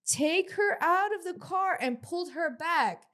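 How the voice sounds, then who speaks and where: A woman's voice: very high voice, lively intonation, measured pace, a bit bright. A woman co-hosting a podcast, talking bluntly in a casual reality-show recap, swearing and restarting her sentences. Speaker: podcast co-host.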